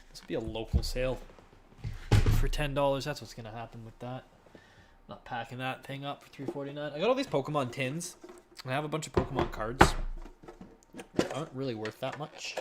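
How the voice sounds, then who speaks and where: A man's voice: mid-range voice, very noisy. Chatty young man reselling online. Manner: relaxed, chatty, often trailing off quietly. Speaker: eBay reseller streaming his listings. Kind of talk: casual live-stream chat while working. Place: living room at home.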